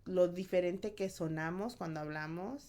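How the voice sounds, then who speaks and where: A woman's voice: on the low side, moderate pace, a little mellow. A young adult woman with a New Jersey accent co-hosting a podcast, chatting casually and switching between English and Spanish mid-sentence. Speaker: podcast co-host. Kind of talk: casual bilingual chat.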